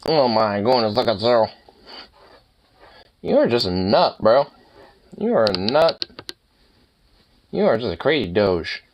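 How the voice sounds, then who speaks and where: A man's voice: medium pitch, big pitch swings, slow pace, long pauses, dull audio. A young man at home chatting to his dog while brushing it, teasing and playful with crude swearing. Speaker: dog owner vlogger.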